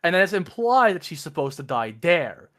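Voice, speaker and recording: A man's voice: fairly high pitch, very animated, fairly bright tone. A young adult man chatting casually and rambling, with frequent restarts and laughter. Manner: rambling, quick, laughs often, many restarts. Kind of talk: casual stream chat.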